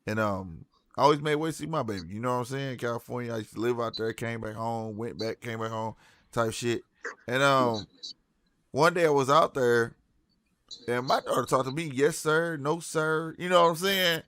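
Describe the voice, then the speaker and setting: A man's voice: medium pitch, normal speed, fairly bright tone, dry recording, studio quality. A man in his forties telling blunt, profane stories in casual podcast chat.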